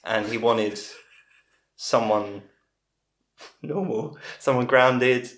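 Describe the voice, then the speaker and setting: A man's voice: mid-range voice, drawn-out words, fairly bright tone. A man, a comedian guest, telling long rambling stories in casual chat. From England. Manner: rambling storyteller with frequent restarts. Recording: roomy echo.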